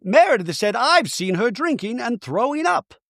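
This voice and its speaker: Man putting on a shrill reality-TV wife, indignant and rapid, pitched far above his own voice. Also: very animated, vocal fry, fairly bright tone, no room sound, clean studio sound, exaggerated voice. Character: catty reality-TV woman defending herself, shrill.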